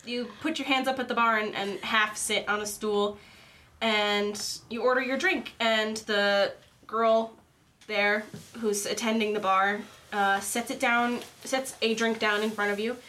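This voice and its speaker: A woman's voice: a little high, steady tone, a little slow, bright, forceful tone, slight background noise. A young woman narrating a tabletop game as game master, casual and rambling. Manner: casual, rambling, laughs often.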